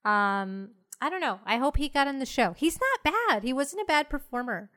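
A woman hosting a podcast, chatting casually with friends, laughing often and filling pauses with "like". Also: sits high, lively intonation, fairly bright tone. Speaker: podcast host. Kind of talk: casual chat.

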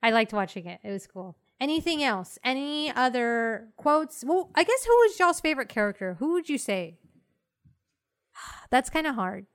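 A woman hosting a podcast, chatting casually with friends, laughing often and filling pauses with "like". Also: sits high, sing-song. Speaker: podcast host. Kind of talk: casual chat.

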